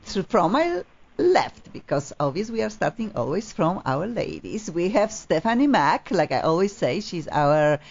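A woman's voice: fairly low pitch, sing-song, normal speed, gravelly, a little mellow, slightly rough, highs cut off. Effusive Polish-accented woman hosting radio. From Poland. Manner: effusive, gushing, non-native grammar. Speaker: radio show host. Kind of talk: live radio talk show.

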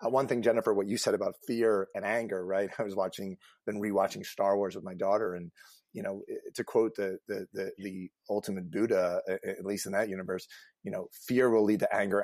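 A low-pitched man speaks earnestly as a career coach on a casual panel show. He grows emphatic and animated when he tells stories. The sound is dry and close, with no room around it. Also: no echo.

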